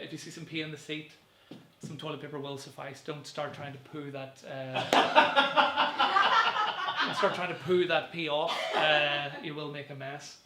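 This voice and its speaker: A young man works through a stand-up set to camera, rambling and self-deprecating, with lots of fillers and his own chuckles. His voice sits a bit high, with a bright edge and a gravelly rasp. The room around him is echoey. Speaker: stand-up comedian.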